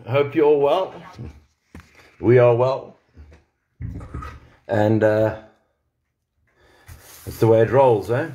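A man's voice: medium pitch, slow, pauses often, dark tone, highs cut off. Guy ranting on a live stream, calling someone out, lots of swearing, normal mid voice. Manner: confrontational and profane, addressing a rival directly. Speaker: livestreamer. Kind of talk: angry livestream rant.

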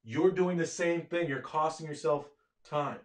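A man giving a live online lecture from his office at home, energetic and often asking his listeners questions. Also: a little high, unhurried, reverberant. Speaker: medical education lecturer.

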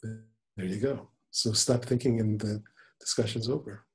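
A man in his seventies, a spiritual teacher talking in an unhurried, gentle storytelling manner. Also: fairly low pitch, steady tone. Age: 70s. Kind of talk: spiritual conversation.

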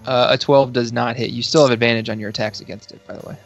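A man running a tabletop game as dungeon master. He teases his players and laughs often. The recording is dull and low-fi, with faint music behind him. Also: fairly even intonation, quick pace, vocal fry.

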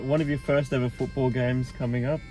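A man's voice: mid-range voice, flat delivery, brisk, dark tone, faint music behind. A young man with an Australian accent hosting a casual sports vlog, upbeat and jokey. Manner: upbeat, jokey, self-deprecating. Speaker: sports vlogger host. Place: car and outdoors around a stadium.

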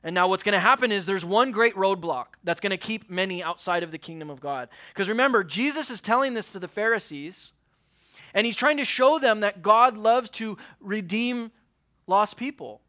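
A young man delivers an earnest youth sermon in a high, bright voice. He acts out the quotes in the scripture and drops to a near hush on key words. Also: animated, moderate pace. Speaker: youth pastor. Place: church youth service.

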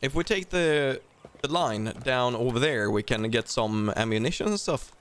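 A man's voice: mid-range voice, animated, moderate pace, clear, resonant tone. A man hosting a casual co-op gameplay session, playful and joking, yelping when surprised. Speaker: gaming channel host.

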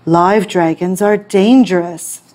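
A woman voicing an anxious, cautious male painter in a storybook reading, pleading and worried in manner, at a slow pace. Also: on the low side, steady tone, darkish tone, a little hiss or hum.

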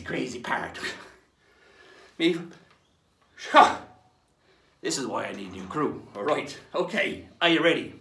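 A man's voice: a little high, gravelly, sharp tone, roomy sound. A man hosting a children's lesson in a playful pirate persona, talking in hammy, theatrical pirate speech.

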